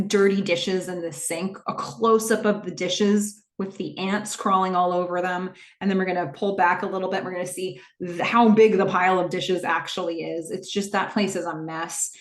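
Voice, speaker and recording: A woman podcast host chatting through a casual, animated recap of a TV episode, with plenty of fillers. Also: on the low side, reverberant.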